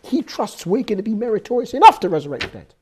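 A man with a croaky voice teaching a scripture class, swinging from low explanation to loud exhortation. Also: big pitch swings, quick pace, background noise. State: hoarse, croaky voice. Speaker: Torah teacher. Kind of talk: lecturing on scripture.

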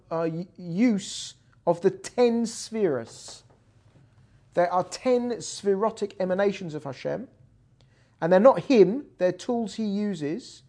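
A man's voice: sits high, mellow. A man teaching a Torah class in an explanatory classroom style, checking in with his students as he goes. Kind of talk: classroom lecture.

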